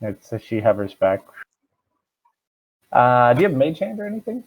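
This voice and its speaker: A man's voice: mid-range voice, very animated, moderate pace. A man as dungeon master, narrating a tabletop game and asking the players questions, thinking aloud with fillers. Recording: dull lo-fi stream audio.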